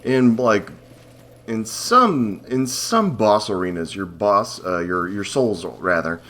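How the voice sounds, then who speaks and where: A man's voice: on the low side, expressive, slow pace, a bit bright. A man commenting casually as he plays a hard video game, rambling, cursing and mocking himself. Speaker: gameplay host. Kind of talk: let's play commentary.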